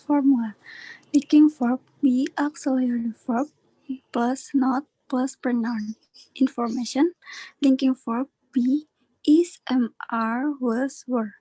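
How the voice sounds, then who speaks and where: A woman's voice: sits high, fairly even intonation, mellow, slightly rough, no room sound, rough recording. A young woman with an Indonesian accent giving a class presentation, reading out a list of terms. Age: young adult. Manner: reads out a list slowly. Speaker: student presenter.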